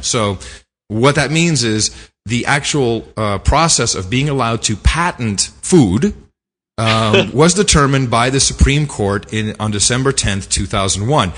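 A man co-hosting a podcast, telling stories in a casual, animated and indignant way. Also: mid-range voice, measured pace, long reverb tail. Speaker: podcast co-host. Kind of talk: casual chat.

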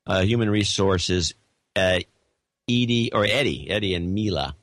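A man's voice: low voice, a little slow, a bit bright, no echo. A man co-hosting a podcast in casual banter, reading out donor notes with amused, rambling restarts. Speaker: podcast co-host.

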